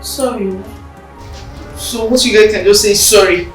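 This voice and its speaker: A woman's voice: mid-range voice, measured pace, soft background music, natural voice. An actress with a Nigerian accent playing an aggrieved young woman who complains resentfully. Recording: echoey room, mic at a distance.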